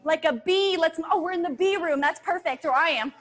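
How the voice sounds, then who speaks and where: In an online dance class for kids, a woman with a very high, fairly bright voice gives brisk instruction over backing music. She's upbeat and coaxing, sometimes singing her cues.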